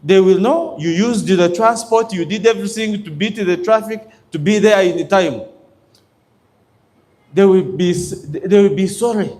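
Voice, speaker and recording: A man's voice: sits high, a little slow, a little mellow. A man giving a motivational business talk to an audience, emphatic and checking in with his listeners. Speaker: business coach.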